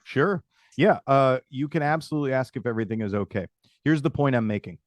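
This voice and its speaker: A man's voice: mid-range voice, fast, no echo. A man hosting a live webinar on video call, coaching sales agents and improvising sample messages while calling on attendees by name.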